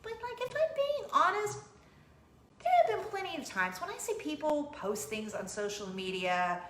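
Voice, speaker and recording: A woman's voice: sits high, sing-song, normal speed, a bit bright. Bubbly, giggly woman vlogger. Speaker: host, mother. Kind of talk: casual chat vlog. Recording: roomy room with faint hum.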